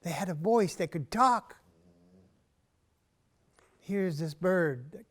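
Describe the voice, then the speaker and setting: A man performing a traditional story in an arts center, measured and unhurried, with long pauses and often dropping to a soft voice. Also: high-pitched, expressive.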